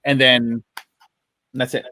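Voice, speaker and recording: A man's voice: medium pitch, takes it slowly. A man co-hosting a casual trading podcast, chatty and jokey, laughing often. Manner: animated, laughs a lot, jokey. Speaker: podcast co-host. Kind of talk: casual chat.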